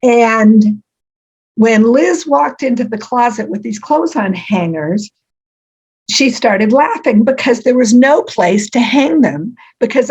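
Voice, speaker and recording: An older woman being interviewed as an author, telling stories warmly with frequent ums and laughs. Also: fairly high pitch, lively intonation, takes it slowly, breathy edge, lo-fi sound. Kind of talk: conversational interview.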